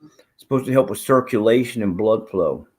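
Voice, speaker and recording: Live stream host, male, husky voice, loose rambling chat peppered with profanity. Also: fairly low pitch, moderate pace.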